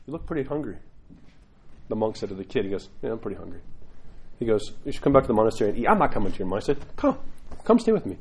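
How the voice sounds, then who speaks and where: Fast-talking lively man teaching a church class. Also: medium pitch, breathy edge, poor audio. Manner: lively, conversational, acts out quotes. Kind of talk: sermon-style class talk.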